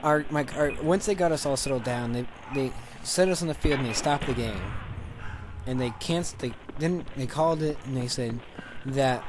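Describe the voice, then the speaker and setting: Man, rambling excited storyteller, gaming commentary, noisy mic with clicking. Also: mid-range voice, normal speed. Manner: rambling, excited, many restarts. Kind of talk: casual storytelling over gameplay.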